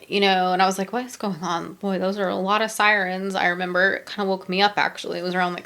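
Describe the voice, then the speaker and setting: A middle-aged woman hosts a podcast and tells a personal story. Her voice sits low, with a gravelly edge. She talks haltingly and emotionally, with many pauses and fillers. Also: fairly bright tone. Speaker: podcast host.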